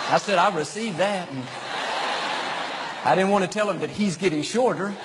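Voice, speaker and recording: Upbeat middle-aged man preaching, fairly high voice. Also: normal speed, very noisy. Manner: upbeat preaching with repeated declarations. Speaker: pastor. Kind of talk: sermon.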